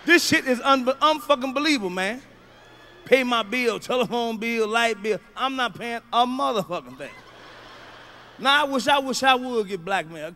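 Middle-aged man, stand-up comic, high voice, rowdy and profane, faint hum of the room behind. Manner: loud, profane, swings to shouting. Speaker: stand-up comedian. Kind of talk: stand-up routine.

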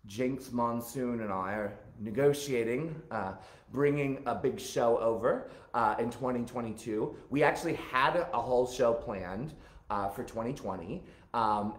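A man hosting a live stream, answering viewer questions and telling stories in a campy, animated way. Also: mid-range voice, roomy sound. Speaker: host.

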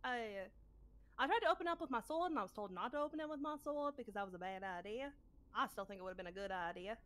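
A woman's voice: on the high side, fast, a bit bright, close to an everyday voice. A woman playing a scatterbrained, stubborn adventurer, recapping a tabletop game session in character with a rambling, forgetful, blunt manner and casual swearing.

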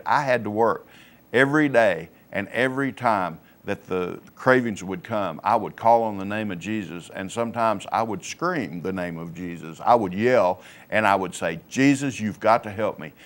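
A man sharing his personal faith testimony on a Christian TV program, plainspoken and halting. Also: fairly low pitch. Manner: plainspoken, halting, many fillers. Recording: local cable TV studio.

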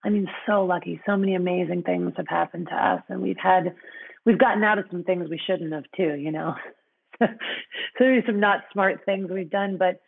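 A woman's voice: fairly low pitch, normal speed, creaky, phone-quality sound. A woman guest in a conversational interview, speaking frankly with many fillers and frequent laughter.

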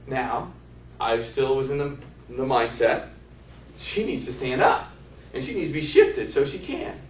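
A man's voice: medium pitch, lively intonation, measured pace, a little hiss or hum. A man, a physical therapist, telling rambling anecdotes to a workshop audience and asking them questions. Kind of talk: anecdotal lecture to a live audience. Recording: echoey room from a distant mic.

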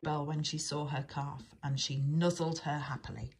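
Husky woman reading a children's story. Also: deep voice, level tone, normal speed, a little mellow. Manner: chatty asides.

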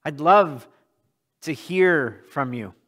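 A man's voice: on the high side, lively intonation, slow pace, fairly bright tone. A male pastor preaching a sermon in a church, earnest and often repeating words as he restarts a thought.

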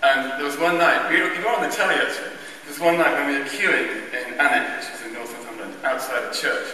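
A man's voice: medium pitch, fast, bright, forceful tone, slight background noise. A man telling a funny, self-mocking childhood story to a church audience, chuckling as he goes. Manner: wry, self-mocking, chuckling anecdotal delivery. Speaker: speaker at a church carol event. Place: large church. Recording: distant echoey church recording.

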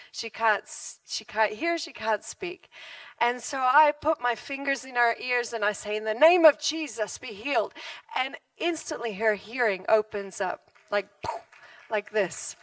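A woman preaching a sermon in church, telling a story with animated delivery, frequent laughter and acted-out quoted voices. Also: on the high side, dry recording, far from the mic. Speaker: guest preacher.

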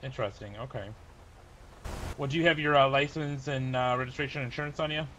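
A man's voice: mid-range voice, a little fast, bright, forceful tone. A man playing a polite sheriff's deputy in a game roleplay, hesitant and full of "uh"s. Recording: dull lo-fi mic with faint noise.

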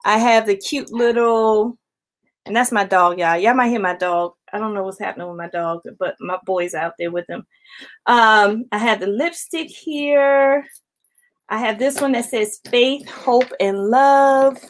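A woman with a voice a little higher than most talks casually through a haul on a late-night stream at home. She chats easily and keeps calling her viewers y'all. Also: measured pace. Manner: chatty, addresses viewers as y'all, greets chat commenters. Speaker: planner vlogger hosting a late-night live stream. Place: at home, indoors.

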